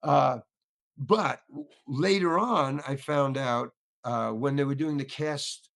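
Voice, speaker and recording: Speaking slowly in a gravelly, mid-range, fairly bright voice, an older man who acts spins rambling stories in a casual interview. He voices the other people's lines and keeps restarting.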